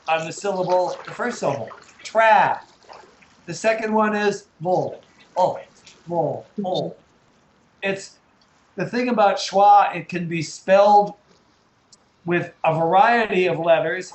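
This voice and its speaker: A man's voice: sits high, reverberant, a little hiss or hum, poor audio. American man teaching on a video call. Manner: patient, spells and sounds out words slowly. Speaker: English teacher. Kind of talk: online English lesson.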